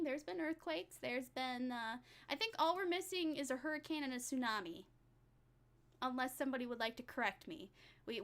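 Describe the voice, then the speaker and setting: A woman's voice: sits high, bright, forceful tone. A young woman streaming as a vtuber, chatting casually with her viewers in a giggly, rambling, self-mocking way.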